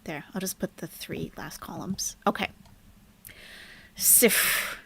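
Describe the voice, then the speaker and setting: A woman's voice: fairly low pitch, slow, vocal fry, slight background noise. A woman teaching numbers in a live online lesson, patiently repeating words for learners and greeting viewers in the chat. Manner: drops to a soft whisper while fiddling with the screen. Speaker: Arabic teacher on a live stream.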